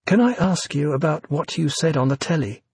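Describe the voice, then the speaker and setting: A man reading aloud, voicing an earnest, eager young woman in a raised, breathy voice. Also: fairly high pitch, lively intonation, moderate pace, dry recording, studio quality, pitched above the performer's own voice, full character voice.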